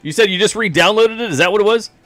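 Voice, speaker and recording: Soft background music plays as a high-pitched, fast-talking streamer chats with his audience during a game. He rambles, jokes and mocks himself in a fairly bright voice, with no echo.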